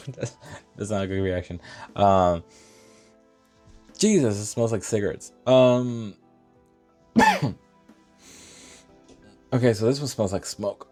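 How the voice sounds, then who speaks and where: Deep-voiced man reviewing fragrances. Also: takes it slowly, long pauses, faint music behind. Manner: animated, thinks aloud, many fillers and restarts. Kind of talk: casual unboxing chat.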